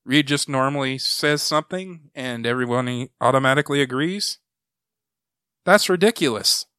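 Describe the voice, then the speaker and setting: A man with a bright, crisp voice chats casually on a comic book podcast. He recaps a plot in a loose, rambling way and slips into quoted lines now and then. The sound is close and dry, with no room around it. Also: medium pitch, normal speed, no room sound.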